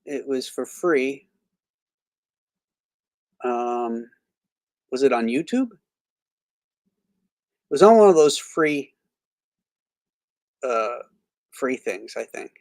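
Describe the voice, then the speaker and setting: A man's voice: medium pitch, expressive, extremely slow, pauses often, a little mellow, no room sound. A man from Florida hosting a casual live stream, rambling with many fillers and restarts, blunt about what he dislikes. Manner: blunt and opinionated. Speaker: host of a live movie stream; reads viewer comments aloud.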